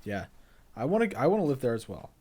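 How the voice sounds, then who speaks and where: Sarcastic southern guy with a lively voice. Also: mid-range voice, fast talker, husky. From Deep South, USA. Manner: sarcastic, swears freely. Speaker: podcast co-host. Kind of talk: casual chat.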